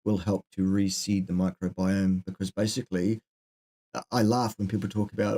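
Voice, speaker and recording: Dry-joking man with a low, mellow voice. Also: little pitch movement, a little fast. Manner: dry, joking, wanders off into asides. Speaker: co-host answering viewer questions. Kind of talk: live Q&A chat.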